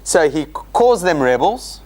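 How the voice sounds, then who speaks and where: A rabbi leads a Bible study for a room of listeners, his voice sitting a little high and swooping up and down as he acts out the text. He talks off the cuff, tripping over restarts and bursting into dramatic mock quotes. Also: very animated, moderate pace, darkish tone. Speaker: rabbi teaching a Torah study class. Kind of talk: informal Bible study lecture with questions to the audience. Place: meeting room of a church centre.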